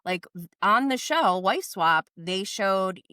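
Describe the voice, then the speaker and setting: A woman's voice: medium pitch, animated, slow, bright, forceful tone, smooth, no echo, clean studio sound. A woman guest on a podcast, chatting casually and retelling a reality TV episode with lots of "like". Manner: chatty storyteller, many likes. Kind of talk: casual chat recapping reality TV.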